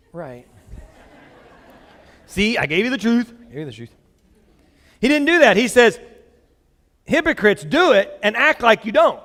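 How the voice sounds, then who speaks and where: A man's voice: very high voice, fairly bright tone, in a large hall. A pastor preaching a sermon to his church, joking along the way and reading scripture aloud with strong emphasis. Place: church sanctuary.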